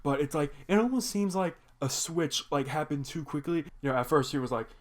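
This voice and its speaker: A young man with a slightly high voice speaks briskly while casually recapping a cartoon episode. As a reaction video host, he rambles and packs his speech with "like" fillers.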